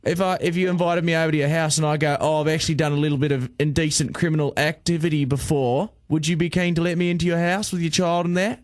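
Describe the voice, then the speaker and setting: A man's voice: a little high, steady tone, fast, hardly any pauses, no echo, natural voice. A radio host putting on a brash male Australian border official with a put-on Australian accent, taunting and mocking the caller.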